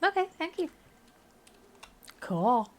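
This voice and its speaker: While streaming a game, this woman in her thirties talks casually with her chat, giggly and laughing a lot. Her high voice is very animated, though she takes it slowly.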